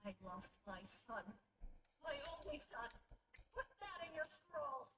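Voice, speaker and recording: A woman's voice: high voice, very animated, unhurried, background noise. A voice actress performing game characters, a concerned scribe and a grieving refugee who lost her son.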